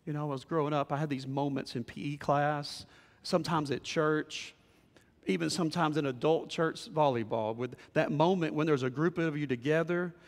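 A male pastor preaching with a fairly high voice. His delivery swings from quiet, intimate moments to loud, excited outbursts. A long reverb from the church hall trails behind every line. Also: moderate pace. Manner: animated, swings from hushed to shouting. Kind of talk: sermon. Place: church sanctuary.

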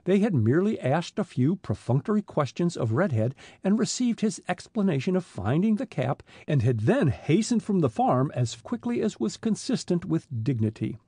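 Lively, husky male audiobook narrator. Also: a little high, normal speed, few pauses, dry recording, studio quality. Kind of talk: scripted narration.

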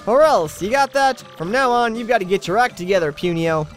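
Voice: medium pitch, lively intonation, fairly quick, faint music behind, natural voice. A bossy old female tree-creature elder snaps and grumbles in a folksy, impatient way, as a man puts her on while reading a video game's lines. She scolds the young ones and fusses about her comforts. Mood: scolding. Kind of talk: Let's Play dialogue reading.

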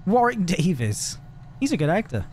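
A man's voice: high-pitched, big pitch swings, normal speed, darkish tone, a little hiss or hum. A man chatting casually with his live viewers, joking and laughing often. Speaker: livestreamer.

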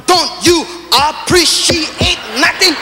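A comedian voicing a fussy, worried mother who scolds her lost child in slow, drawn-out words. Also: very high voice, music in the background, voice pushed up. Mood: furious. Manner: drawn-out, frantic then scolding. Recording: live stage recording, reverberant, noisy.

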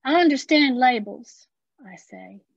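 A woman with an Appalachian accent performing spoken-word poetry, slow and deliberate with dramatic pauses. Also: high voice, animated, vocal fry, no echo, muffled recording. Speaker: poet.

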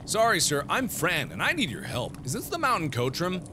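A man's voice: on the high side, huge pitch swings, normal speed, background noise, pitched above the performer's own voice. A man voicing a curious, polite ten-year-old girl in a game, asking earnest questions. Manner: earnest, questioning, addresses others as sir.

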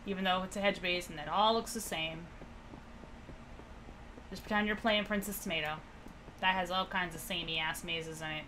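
A woman's voice: fairly low pitch, fairly even intonation, moderate pace, long pauses, bright, forceful tone, a little hiss or hum. A young woman casually thinking aloud and joking sarcastically with her chat while she streams a puzzle game. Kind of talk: casual let's-play commentary to chat.

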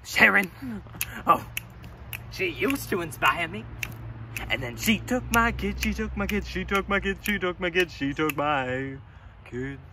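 A young man playing an eccentric, erratic scat-singing teacher in an improvised mockumentary, lurching between shouting and muttering. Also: medium pitch, animated, takes it slowly, pauses often. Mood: unhinged. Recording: distant mic with background noise.

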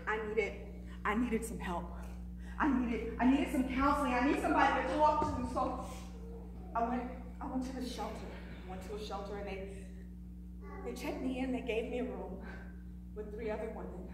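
An actress playing a battered, desperate wife who stammers and pleads, performed on a live stage. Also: female voice, a little high, moderate pace, pauses often, close to an everyday voice. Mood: recounting. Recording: echoey hall from far off, background noise.

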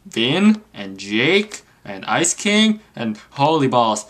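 Goofy, trash-talking gaming woman. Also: takes it slowly. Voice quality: goofy, excitable trash talk with sudden squeaky voices. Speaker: gaming commentator. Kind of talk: let's play commentary.

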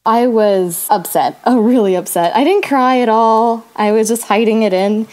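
A woman's voice: fairly high pitch, moderate pace, a little mellow. Chatty teenage girl telling a story. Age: teens. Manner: chatty, acts out her own and her friend's lines. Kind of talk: casual personal storytelling.

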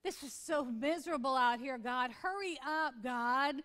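A woman's voice: high-pitched, unhurried, a bit bright. A woman preacher voicing a young shepherd man who complains impatiently about his sheep and the weather. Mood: grumbling. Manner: complaining, exasperated.

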